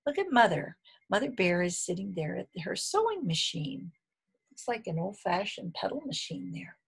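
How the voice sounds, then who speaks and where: A woman reading a picture book aloud, pausing to point out the pictures, animated. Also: medium pitch, gravelly, slightly rough. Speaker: reader.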